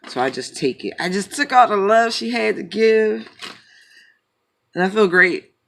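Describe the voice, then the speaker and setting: A man's voice: high voice, animated, a little slow, vocal fry, a bit bright, a little hiss or hum. A man rambling casually in a joking, profane manner as he chats and reads tarot cards. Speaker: tarot reader. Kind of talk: casual chat and tarot reading.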